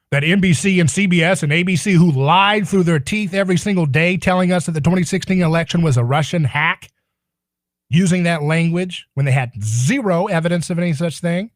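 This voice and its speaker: A man's voice: fairly high pitch, no echo. A man hosting a political talk radio show, delivering a sarcastic, indignant monologue.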